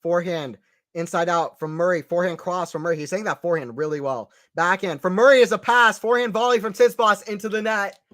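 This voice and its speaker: A man giving casual live play-by-play tennis commentary for a stream, chatty and excitable, often repeating himself and answering viewers. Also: sits high, fast talker, no room sound. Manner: excited, chatty, repeats phrases, reads out chat.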